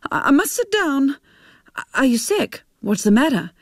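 Woman doing a distraught jilted older woman, high shaky voice, stammering, tearful, dry close sound. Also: big pitch swings, a little slow, dry recording, full character voice. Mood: flustered.

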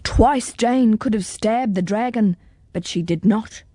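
A woman reading a children's storybook aloud in an expressive, deliberate way. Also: a little high, dry recording, studio quality.

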